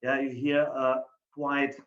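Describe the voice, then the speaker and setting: A man's voice: medium pitch, completely flat delivery, slow, fairly bright tone. A man with a strong German accent opens a conference talk in a formal, courteous way. His mid-range voice sits in a roomy space, and the online audio is dull and muffled. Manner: apologetic, formal and polite. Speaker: professor and lead researcher presenting. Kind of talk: conference presentation.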